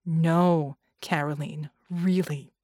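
Woman playing a low-voiced, quiet, determined wounded man, slow, dry. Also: fairly even intonation, no echo.

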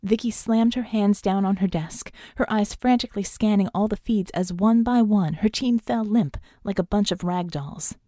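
A woman narrating an audiobook in a steady, even way. Her voice is mellow and dark, and the recording is dry and close with no room sound. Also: medium pitch, normal speed, hardly any pauses, no room sound. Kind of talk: scripted narration.

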